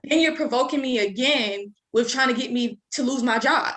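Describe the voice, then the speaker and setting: A young adult woman appears as a guest, telling a story in casual conversation and animatedly acting out what people said. Her voice is fairly high and her speed normal. The recording has a roomy echo.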